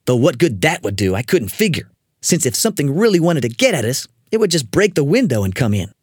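An expressive storyteller reading a spooky children's tale aloud, the voice swinging lively up and down to build suspense. There is a slight huskiness to the tone. The recording is dry and close. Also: mid-range voice, brisk, slightly rough, no room sound.

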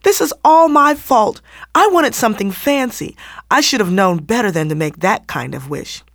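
A woman's voice: mid-range voice, lively intonation, moderate pace, voice pushed up, natural voice. A woman voicing an earnest young Amish girl who pleads emotionally. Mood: distraught.

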